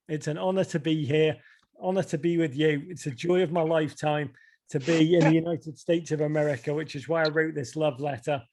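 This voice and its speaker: A man's voice: a little high, brisk. A man with a Liverpool accent, an author telling stories on a video call and acting out the voices in them. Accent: Liverpool English. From England. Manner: animated, acts out quoted voices. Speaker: author reading and discussing his book. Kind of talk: casual storytelling talk.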